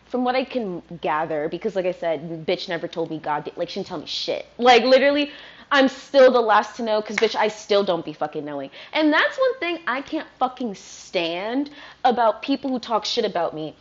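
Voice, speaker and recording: A Virginia woman hosts a podcast from her apartment, ranting in a loose, rambling monologue packed with swearing. Her mid-range voice is very animated at a moderate pace, and the recording has its highs cut off.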